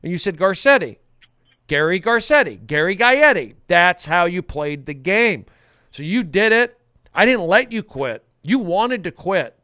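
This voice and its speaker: Intense high-voiced man hosting a podcast. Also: animated, a little slow, smooth, dry recording, clean studio sound. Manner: intense, repetitive, swings from muttering to loud outbursts. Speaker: podcast host. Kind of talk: comedic podcast banter. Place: studio.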